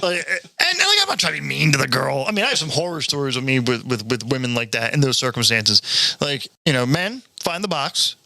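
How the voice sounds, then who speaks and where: A man telling a crude story in casual podcast chat, excitable and doing voices for the people in it. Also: mid-range voice, fairly quick, vocal fry. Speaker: podcast co-host.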